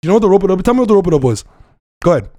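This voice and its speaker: A young man, a stand-up comic in heated podcast banter who talks fast, repeats himself and keeps interrupting. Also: high voice, very animated, mellow. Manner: fast, repetitive, insistent interrupting. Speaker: stand-up comedian, podcast guest.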